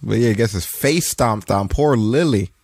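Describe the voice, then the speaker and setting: A man's voice: fairly low pitch, moderate pace, a little mellow, slightly rough, no echo. A man casually recapping wrestling results on a podcast, loose and profane, cracking jokes as he goes. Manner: loose, profane, joking storytelling. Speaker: podcast co-host.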